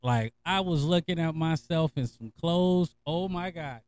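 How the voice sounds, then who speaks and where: A fairly high-pitched man talks casually to his listeners, swearing freely and breaking into laughter. He tells his stories in an animated, conversational way. He sounds middle-aged and relaxed. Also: unhurried, clean tone. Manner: laughing, profane, animated storyteller. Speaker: podcast host. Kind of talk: casual storytelling monologue.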